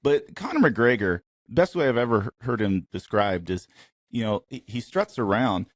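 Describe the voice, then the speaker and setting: A man's voice: mid-range voice, normal speed, no echo, clean studio sound. A man co-hosting a casual podcast, joking and going off on tangents. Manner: joking, tangent-prone, expressive. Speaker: podcast co-host. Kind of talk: casual chat.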